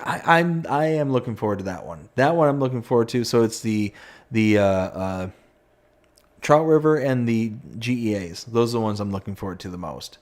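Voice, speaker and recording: A man's voice: mid-range voice, animated, normal speed. A man live-streaming a farming game, chatting casually, reading viewer comments aloud and mocking himself in sudden outbursts of frustration. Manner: exclaims in sudden bursts of frustration. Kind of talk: live-stream gameplay chat.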